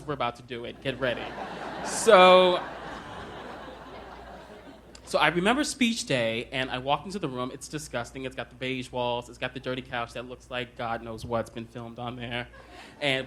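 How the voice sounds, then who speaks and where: A man's voice: medium pitch, brisk, bright, forceful tone, a little hiss or hum. A young man telling a comic personal story on stage at a live show, conversational and self-deprecating, with many ums. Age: young adult.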